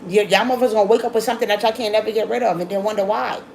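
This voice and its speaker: Woman tarot reader, quick, blunt and scolding, swears and repeats lines, faint hum behind. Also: mid-range voice, fairly even intonation, vocal fry, darkish tone, rough recording. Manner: repeats herself, quick restarts. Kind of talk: casual tarot reading.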